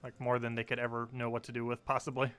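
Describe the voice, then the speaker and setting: A man in his twenties from New Jersey, talking fast and casually as he streams a game. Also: medium pitch, completely flat delivery, fairly bright tone, smooth. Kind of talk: casual live-stream commentary.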